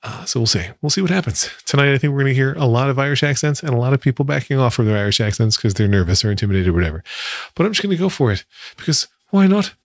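A man's voice: mid-range voice, animated, very fast, no echo. A man giving a casual personal update, chatty and wry, laughing now and then. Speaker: vlogger.

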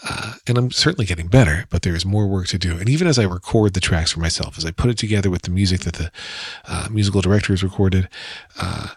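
A man's voice: low voice, fast talker, slightly rough, no echo, studio quality. A man with a New Jersey accent hosting a casual solo podcast, chatty and rambling with self-deprecating asides. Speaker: podcast host.

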